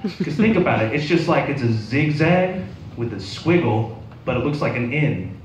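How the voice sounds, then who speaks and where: A man's voice: medium pitch, big pitch swings, moderate pace, slight background noise. A young man doing a stand-up set at an open mic, telling stories with lots of filler words. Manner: rambling storytelling with many fillers. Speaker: stand-up comedian. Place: bar open mic night. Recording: roomy bar sound from a distance.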